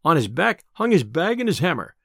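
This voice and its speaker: A man narrating an old tale aloud in expressive, old-fashioned storytelling. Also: fairly high pitch, fairly quick, gravelly, dry recording, clean studio sound.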